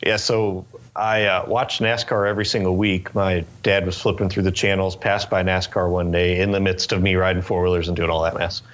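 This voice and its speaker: A man's voice: deep voice, a little fast, hardly any pauses. Laid-back man in his twenties. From Northern California. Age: 20s. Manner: relaxed storytelling with frequent fillers and restarts. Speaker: interview guest, race car driver. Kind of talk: casual interview chat.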